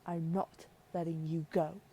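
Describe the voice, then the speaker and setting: A woman voicing a proud, scornful queen mother with a put-on British accent in a soft whispered role-play. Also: deep voice, little pitch movement, unhurried, a little hiss or hum, voice pushed down. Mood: stern. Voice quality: imperious, scornful.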